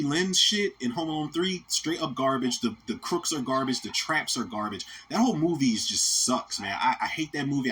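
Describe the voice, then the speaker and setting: A man's voice: medium pitch, fairly bright tone, a little hiss or hum. A man in his thirties, hosting a podcast and giving a casual, rambling, profane movie rant that keeps coming back to "man". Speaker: podcast host.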